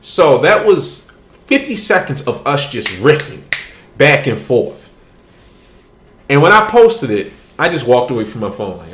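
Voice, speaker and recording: A man's voice: medium pitch, expressive, normal speed, reverberant. A man hosting a podcast, telling a story in casual, profane chat and laughing as he goes. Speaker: podcast host.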